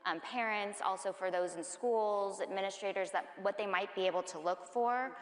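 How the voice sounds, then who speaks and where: A woman moderating a panel, asking questions in a gentle, measured way with soft fillers. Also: medium pitch. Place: large conference hall stage. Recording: echoey hall with long reverb.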